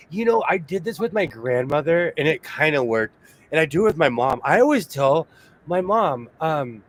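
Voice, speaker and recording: A talkative man with a voice sitting a little high for a man chats casually as co-host. He laughs easily as he tells his stories, over a faint hiss of background noise. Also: very animated, moderate pace. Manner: chatty, laughs often while telling stories. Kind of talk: casual chat.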